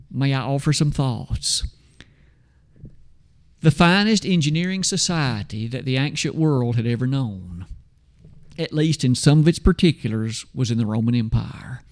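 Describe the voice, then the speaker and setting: A man preaching a sermon, emphatic, asking rhetorical questions and slowing down to stress scripture. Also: medium pitch, darkish tone.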